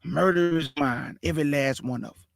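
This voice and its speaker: A man's voice: fairly high pitch, normal speed, vocal fry, dry recording, studio quality. A man hosting his own online show, commenting live to his viewers in an emphatic, repetitive way and stretching out words for effect.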